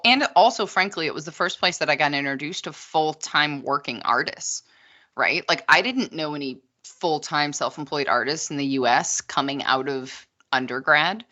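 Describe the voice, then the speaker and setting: A woman's voice: deep voice, normal speed, pushed and bright, dull audio. A woman guesting on a podcast, talking casually and at length, with many asides. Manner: long-winded, chatty, many asides. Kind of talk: casual chat.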